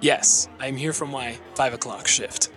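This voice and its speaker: Deadpan young man at the game table. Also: medium pitch, unhurried, faint music behind. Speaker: player. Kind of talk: tabletop role-play.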